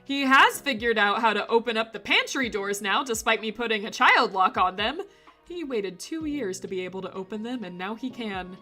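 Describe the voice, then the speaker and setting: Bright, giggly woman streamer. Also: a little high, lively intonation, moderate pace, soft background music. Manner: giggly, laughs often between remarks; playful, rambling storyteller. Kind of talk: casual chat with live chat.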